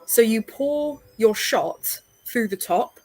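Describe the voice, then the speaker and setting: A woman's voice: on the high side, lively intonation, slow pace, darkish tone. English woman, co-host, playful storyteller on a video call. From England. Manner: chatty storyteller, playful teasing. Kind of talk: casual chat.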